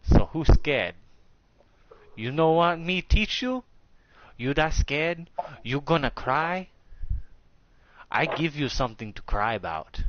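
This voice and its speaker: Scary old kung fu master as a guy puts him on, broken english, slow and swingy, dull audio. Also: a little high, lively intonation, a bit bright, slight background noise, voice pushed up. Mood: menacing. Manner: broken English, clipped threats. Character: menacing old male martial arts master.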